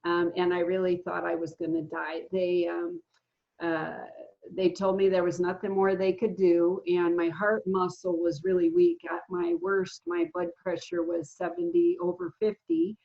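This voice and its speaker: A woman in her fifties telling her own recovery story in a casual, earnest way, often pausing with fillers and restarting her sentences. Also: lowish voice, creaky. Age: 50s. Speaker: guest sharing a recovery story. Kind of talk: casual spoken testimony. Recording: dull lo-fi sound.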